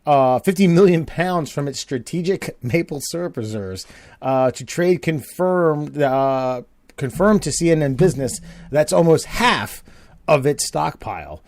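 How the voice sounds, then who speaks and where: A man's voice: a little high, animated, a little slow, darkish tone, dry recording. A man co-hosting a podcast, telling stories in a rambling, casual way with lots of fillers and swearing. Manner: rambling, profane storytelling with frequent fillers. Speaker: podcast co-host. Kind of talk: casual chat.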